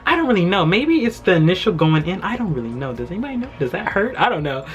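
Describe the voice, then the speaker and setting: A young man telling a travel story in a casual vlog from his home, animated and full of fillers. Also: high voice, quick pace, muffled recording. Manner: animated retelling with quoted voices, frequent fillers and laughs. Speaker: travel vlogger. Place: his home during quarantine.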